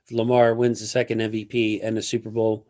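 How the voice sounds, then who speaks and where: A man's voice: fairly low pitch, brisk. Emphatic man hosting a sports chat. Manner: animated, emphatic. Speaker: podcast host.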